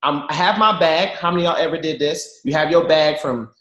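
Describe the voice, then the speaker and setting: Talking fairly quickly in a fairly high voice, a thirtysomething man spins jokey, slangy stories for his team, speaking to them directly with lively energy. The video call audio comes from an echoey room and has its highs cut off.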